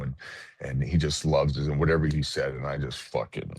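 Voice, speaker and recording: A man in his forties from Canada, a podcast guest telling stories in a casual, emotional way, often halting and repeating words. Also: a bass voice, steady tone, a little mellow, husky, no room sound. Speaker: podcast guest, retired hockey player. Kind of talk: casual storytelling.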